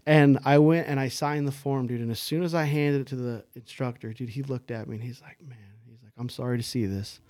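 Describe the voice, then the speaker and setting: A man's voice: medium pitch, fairly even intonation, fairly quick, a little mellow, no room sound. A man telling stories from his past as a podcast guest, candid and self-deprecating, dropping "man" and "dude" into his sentences. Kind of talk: casual podcast storytelling.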